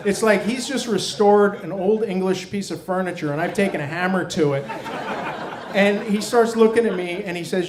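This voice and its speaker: On stage before a live audience, a wry man tells a personal story at normal speed through a stage microphone. He's self-mocking, and his voice drops low and quiet on the hard parts.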